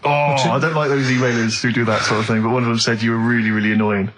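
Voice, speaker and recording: A man's voice: medium pitch, level tone, quick pace, a crowd in the background. A man co-hosting a comic radio show, egging others on and mock-earnest on a studio mic. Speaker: radio co-host. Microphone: studio microphone.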